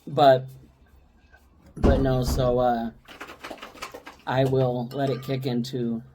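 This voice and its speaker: A woman's voice: rumbling low, flat delivery, slow, background noise. A woman co-hosting a podcast, telling a personal story in casual chat and rambling with restarts and asides. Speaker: podcast co-host.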